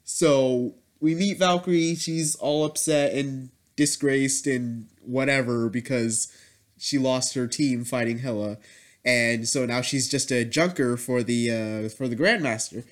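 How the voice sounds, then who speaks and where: A man giving a casual, rambling spoken review of a superhero movie, swinging between loud excited outbursts and quiet, muttered asides. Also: medium pitch, measured pace.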